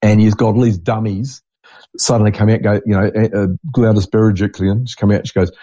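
Rambling, blunt man, mellow voice. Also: on the low side, little pitch movement, a little fast, no room sound. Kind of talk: casual monologue.

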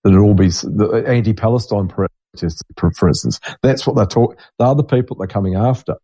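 A man's voice: on the low side, a little fast, dark tone, husky, dry recording. A middle-aged man, a podcast host talking in a rambling, blunt, digressive monologue. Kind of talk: casual monologue.

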